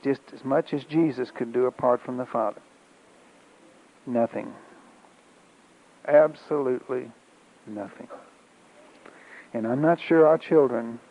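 Emphatic preacher man, lo-fi sermon. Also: on the high side. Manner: emphatic, repetitive cadence with throat-clearing. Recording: dull lo-fi recording.

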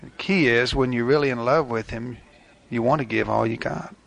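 A man's voice: mid-range voice, moderate pace, vocal fry, a bit bright. An older man preaching a sermon in a folksy, conversational way, acting out little asides. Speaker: pastor.

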